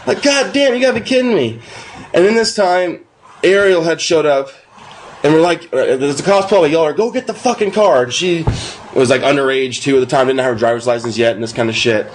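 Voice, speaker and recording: A young man with a fairly high voice recounts a wild night, swearing freely and putting on quick voices for the people in his story. The recording carries a faint hiss underneath. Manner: profane, animated anecdote with acted-out quotes. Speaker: podcast co-host. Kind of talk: casual storytelling.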